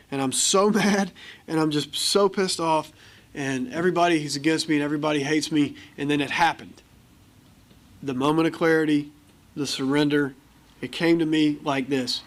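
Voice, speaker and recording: An American man speaking at a recovery meeting, telling his story candidly and acting out the voices of people in it. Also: a little high. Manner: candid storytelling, acts out quoted dialogue. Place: meeting hall.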